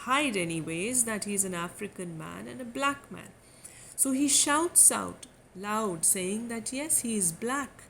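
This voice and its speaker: A woman's voice: medium pitch, a little hiss or hum, low-quality recording. A woman with an Indian English accent, a literature lecturer explaining a poem line by line, reading quoted lines with emphasis before paraphrasing them.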